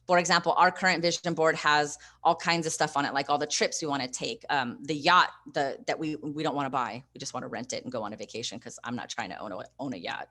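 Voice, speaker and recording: A woman's voice: low voice, fairly even intonation, fast, few pauses, bright, forceful tone. A woman hosting a live online training, coaching viewers and reading their comments aloud in an encouraging way. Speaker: host and investing coach.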